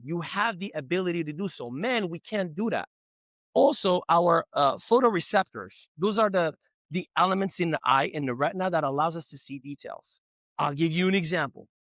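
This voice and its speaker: High-voiced animated male speaker. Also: dry recording. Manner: animated storyteller, acts out quotes. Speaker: relationship speaker. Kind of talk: motivational talk to a live audience.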